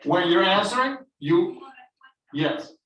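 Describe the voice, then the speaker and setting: A man with a high, bright, expressive voice teaches an online English lesson as an ESL teacher, explaining slowly and repeating phrases. The recording has a roomy echo, and his voice sounds distant.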